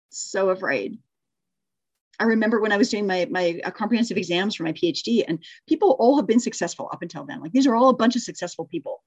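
Woman facilitator, husky tone, expressive storyteller, dull video-call sound. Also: medium pitch. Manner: expressive storytelling, laughs often, quick when chatting. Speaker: workshop facilitator. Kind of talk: reading a rhyming story aloud, then leading group discussion.

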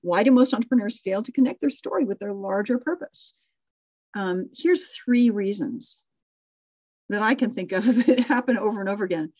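A woman's voice: medium pitch, animated, normal speed, darkish tone, dry recording, highs cut off. A middle-aged woman leading a live online class on storytelling, praising students and thinking aloud with restarts and small laughs. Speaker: course instructor.

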